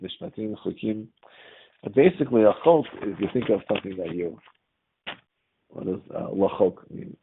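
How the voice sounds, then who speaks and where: A man's voice: lowish voice, lively intonation, normal speed, pauses often, slight background noise. A man teaching a religious class in a conversational lecture style, often checking with his students by asking "right?". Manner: quizzes the class with frequent "right?". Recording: tinny phone-like audio.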